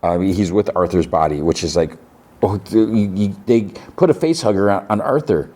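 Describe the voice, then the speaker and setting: A man's voice: low-pitched, moderate pace, mellow. A man hosting a podcast, loosely recapping TV episodes with lots of fillers and restarts. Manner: rambling, many fillers and restarts. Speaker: podcast host.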